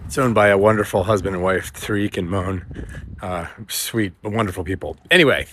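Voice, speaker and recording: A man's voice: low voice, brisk, a bit bright. A middle-aged man from the United States telling a story in a casual, rambling vlog, with fillers and asides, recorded outdoors in the wind. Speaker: vlogger. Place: outdoors in a windy town. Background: faint wind noise.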